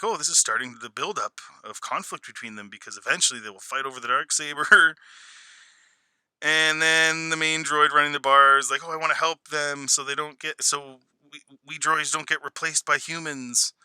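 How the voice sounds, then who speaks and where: A man giving a casual, sarcastic review, laughing often and mocking scenes with quick put-on voices. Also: fairly high pitch, sharp tone, clean tone, dry recording, low-quality recording. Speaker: video reviewer.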